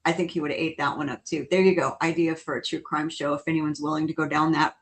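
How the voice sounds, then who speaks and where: A woman co-hosting a paranormal podcast in loose, casual conversation. She has a slightly low voice, laughs often and drifts into quick asides. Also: flat delivery. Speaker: podcast co-host.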